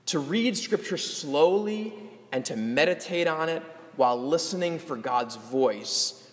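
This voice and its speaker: A male pastor closing a sermon with practical teaching, gentle and earnest, often restarting his phrases. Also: a little high, long reverb tail.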